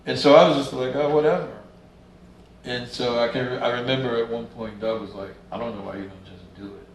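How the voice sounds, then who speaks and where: A man's voice: mid-range voice, little pitch movement, quick pace, slight background noise. A man telling stories in a casual interview, laid back, swearing freely and acting out what people said. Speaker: interview guest, musician. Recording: roomy room sound, faint ambience.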